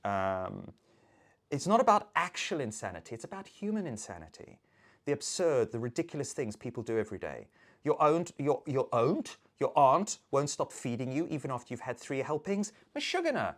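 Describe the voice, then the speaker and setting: A woman in a casual, profane monologue, ranting in an animated, theatrical way. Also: extremely low pitch, normal speed. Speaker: video maker.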